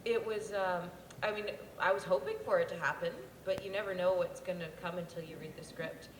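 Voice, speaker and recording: A woman answering fans on a convention panel, telling stories in a bubbly, animated way. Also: fairly low pitch, brisk. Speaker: voice actress panelist. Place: convention hall. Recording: echoey hall with crowd and noise.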